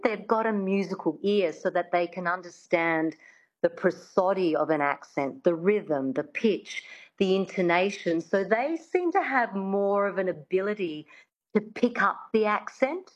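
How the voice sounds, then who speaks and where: A middle-aged woman who is a dialect coach, explaining accent work in an interview in an articulate, teacherly way. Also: lowish voice. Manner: articulate, explanatory, breaks into laughter. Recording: dull lo-fi sound.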